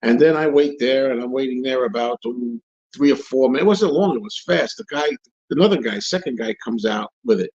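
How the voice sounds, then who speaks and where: A man's voice: mid-range voice, a little fast, darkish tone, husky, highs cut off. A man hosting a live stream, answering viewer questions in casual rambling chat, repeating and restarting his phrases as he rants.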